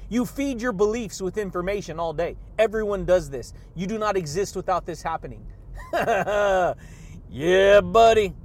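A man hosting a motivational podcast monologue, hyped and energetic, laughing often and shouting catchphrases. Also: sits high, a little hiss or hum. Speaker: podcast host.

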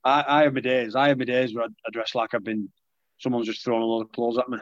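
A man's voice: mid-range voice, flat delivery, fast talker, no echo, muffled recording. Chatty young man. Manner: chatty, self-deprecating, many restarts. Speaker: rugby league player. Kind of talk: casual interview chat.

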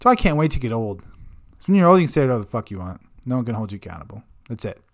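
A man's voice: mid-range voice, very animated, very fast. A man hosting a comedic rant segment, swearing constantly in an exasperated tone. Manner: profane, exasperated ranting. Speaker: host.

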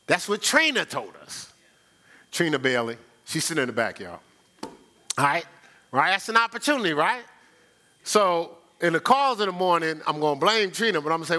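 Animated preaching man, lively bright voice. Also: high-pitched. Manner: animated, rhetorical questions, repeats himself. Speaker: pastor. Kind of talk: conversational sermon.

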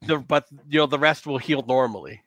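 A man running a tabletop game as game master, narrating in a loose, halting way with many restarts. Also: medium pitch, fairly bright tone, dry recording.

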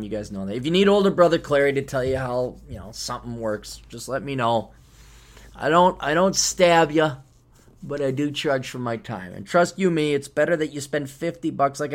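A man hosting a podcast alone, rambling in a sarcastic, casual monologue with sudden loud bursts, tired and just waking up. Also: medium pitch, a little fast. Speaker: podcast host.

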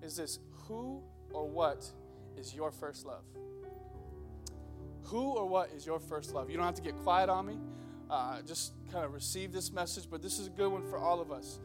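A man's voice: on the high side, moderate pace, music in the background. A young man preaching a sermon to a church congregation, opening with a comic story before turning earnest. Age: young adult. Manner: joking storyteller who builds into earnest exhortation. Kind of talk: humorous sermon.

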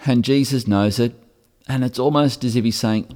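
A man's voice: medium pitch, fairly even intonation, normal speed, darkish tone. A man preaching a sermon, earnest and repeating phrases for emphasis, often stammering over a word before going on. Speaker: pastor. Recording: long reverb of a large hall.

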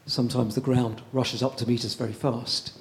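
A man preaching a sermon in a conversational way, pausing often and repeating words as he goes. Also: mid-range voice, little pitch movement.

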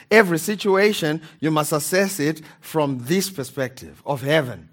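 A man's voice: a little high, moderate pace. A man preaching a sermon in a church, repeating key phrases and calling for amens. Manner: calls for amens from the congregation. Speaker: pastor.

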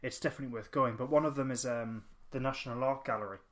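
A man chatting on a podcast at an ordinary middle pitch. He rambles through a story, circling back with ums and restarts. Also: fast. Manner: rambling anecdote with fillers and restarts. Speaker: podcast co-host. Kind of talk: casual chat.

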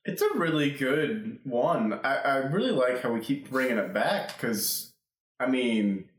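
A man's voice: medium pitch, expressive, a little slow, reverberant, low-quality recording. A man co-hosting a comedy podcast, joking with dry, wry asides. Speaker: podcast co-host. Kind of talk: jokey podcast banter.

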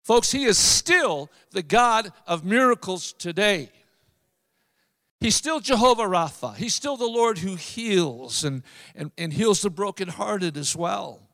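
A man preaching a sermon, emphatic, with drawn-out phrases and repeated lines. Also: high-pitched, animated, bright, forceful tone, in a large hall. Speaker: pastor.

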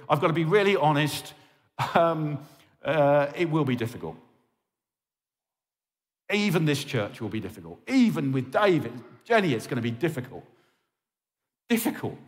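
Passionate preacher, pleading with his church in a fairly high, animated voice. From England. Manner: impassioned and pleading, with frequent "okay?" check-ins. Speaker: pastor. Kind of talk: sermon. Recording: reverberant hall.

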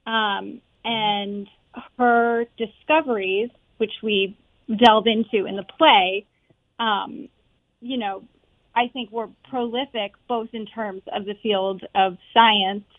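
A woman's voice: mid-range voice, fairly even intonation, slow pace, no room sound. A woman who is a stage actress, talking earnestly and chattily with lots of fillers as an interview guest, over a tinny phone-like line. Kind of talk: casual interview chat.

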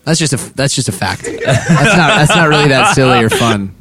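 A man hosts a comedy show over a loud crowd, his medium-pitched voice expressive and moderately paced. He rambles playfully through his jokes in comedic banter, mocking himself along the way.

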